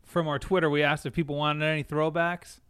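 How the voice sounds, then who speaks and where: Podcast co-host, man, wry and easygoing, voice a little high, dry recording. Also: little pitch movement, fairly quick, fairly bright tone, clean tone, no room sound. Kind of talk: casual chat.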